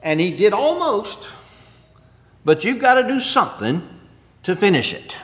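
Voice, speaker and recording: A man's voice: very animated, measured pace. Earnest preacher man in an echoey hall. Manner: earnest, rising and falling between loud emphasis and hushed low lines. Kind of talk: sermon. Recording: echoey hall, long reverb.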